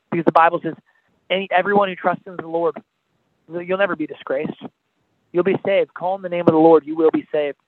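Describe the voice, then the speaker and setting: A man's voice: fairly high pitch, no room sound. A man, an evangelist, preaching with impassioned, pleading, repetitive calls on a podcast. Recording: tinny phone-line sound, dry.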